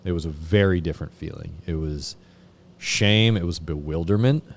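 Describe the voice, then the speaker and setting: A man from Vermont, a podcast guest, telling his recovery story in a halting way with lots of fillers and swearing. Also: low-pitched, vocal fry. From Vermont, USA. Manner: halting, many fillers and restarts, frequent swearing. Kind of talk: candid personal recovery story.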